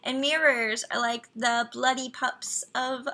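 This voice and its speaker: A young woman runs a laid-back live stream, chatting with viewers and reading game profiles aloud, sometimes talking to her computer. Her fairly high voice is sharp, with a steady tone and slow pace.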